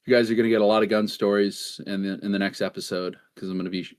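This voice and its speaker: A man's voice: fairly low pitch, little pitch movement, racing, smooth. Man, podcast co-host, casual chat, rambling, frequent laughter, casual swearing.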